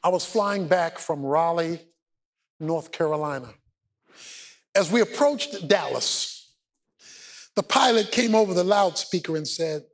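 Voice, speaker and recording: A male pastor preaching a sermon, building from steady teaching to fervent, shouted exhortation. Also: a little high, measured pace, long pauses.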